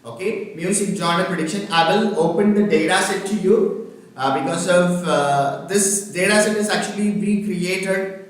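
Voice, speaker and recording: A man leads an online training session, his slightly high voice halting and full of fillers. He keeps checking that everyone can hear him. The sound is very roomy and distant, as if he sits well away from the mic. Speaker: workshop trainer. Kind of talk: online lecture with screen demonstration. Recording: very echoey room, from far off the mic.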